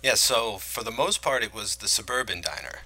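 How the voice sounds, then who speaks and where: A man's voice: fairly low pitch, fairly quick, sharp tone, slightly rough, poor audio. A man co-hosting a podcast, chatting casually about movies and rambling with many restarts. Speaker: podcast co-host. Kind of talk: casual film-talk chat.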